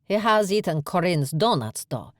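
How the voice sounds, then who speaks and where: A dignified, motherly cafe owner speaks calmly and formally, as a female narrator puts her on. The voice sits low and the audiobook read is dry. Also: moderate pace, no echo. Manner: calm and formal. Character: calm, dignified woman who runs a cafe, motherly. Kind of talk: audiobook character voice.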